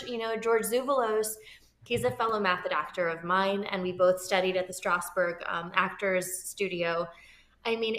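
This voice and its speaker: A woman in her thirties from Florida, an actor telling animated stories as an interview guest and acting out the people she quotes. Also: mid-range voice. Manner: lively, expressive, acts out quoted people. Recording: roomy echo.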